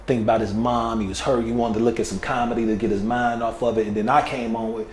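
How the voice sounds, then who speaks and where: A man's voice: mid-range voice, little pitch movement, quick pace. A male comedian telling stories in a casual interview, laid-back and full of filler phrases. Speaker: comedian guest. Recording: roomy echo with faint noise.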